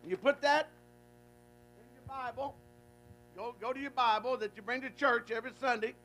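A man's voice: very high voice, steady tone, moderate pace, sharp tone, a little hiss or hum, rough recording. A man preaching a folksy, call-and-response sermon, emphatic and repetitive. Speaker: guest preacher.

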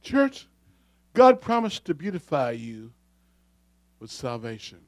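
A man preaching a fiery sermon, dropping to quiet asides and rising to shouts. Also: a little high, very animated, takes it slowly, no room sound.

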